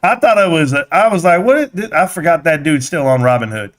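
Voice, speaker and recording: A young man hosting a live stream, talking excitedly, reading chat and yelling at times, sweaty and winded. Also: on the high side, brisk. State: sweating in a helmet. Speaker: livestream host.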